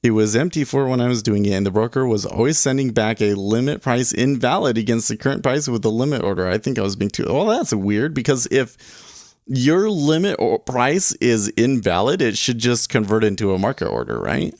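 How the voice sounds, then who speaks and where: A man's voice: medium pitch, animated, moderate pace, a little mellow, no echo, clean studio sound. A man hosting a day trading livestream, rambling casually and chuckling as he reads chat aloud.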